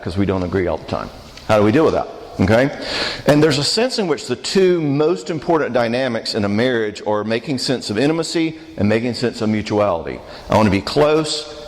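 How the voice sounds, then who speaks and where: A man giving a church marriage conference talk, conversational and joking, often asking the audience questions. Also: fairly low pitch. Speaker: conference speaker. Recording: reverberant church hall.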